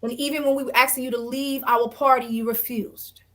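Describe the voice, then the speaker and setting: A woman's voice: fairly high pitch, steady tone, a little fast, fairly bright tone. A woman animatedly retelling a reality-show conflict in an interview and acting out what others said. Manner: acts out other people's quotes with shifting voices. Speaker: reality show cast member, guest.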